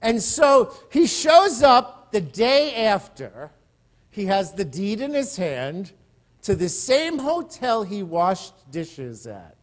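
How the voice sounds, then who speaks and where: High-voiced male pastor preaching. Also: very animated, slow. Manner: storytelling, repeats words when starting sentences. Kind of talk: sermon. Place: church service.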